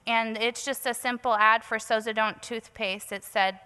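A woman's voice: on the high side, steady tone, moderate pace, hardly any pauses, bright, forceful tone, smooth, long reverb tail. A woman giving a sermon through a candid, self-deprecating personal story, often saying "like" and "um".

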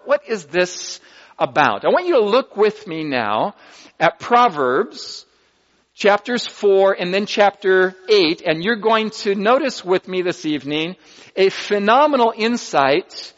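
A man preaching a sermon, teaching deliberately and reading scripture aloud with comments, recorded dull and lo-fi in a hall. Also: high-pitched, sing-song, a bit bright.

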